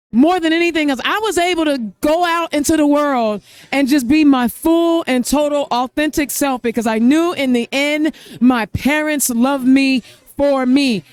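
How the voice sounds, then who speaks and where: A woman's voice: sits high, a little mellow, no room sound. A middle-aged woman from Indiana, hosting a podcast interview on location at a campaign event, talking in an emotional, effusive way. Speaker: podcast host. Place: event venue.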